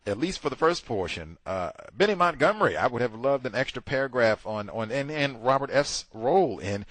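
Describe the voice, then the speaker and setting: A man hosting a book club, talking through a memoir in a casual, digressive way with loud mocking asides. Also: medium pitch, expressive, brisk, few pauses, dry recording.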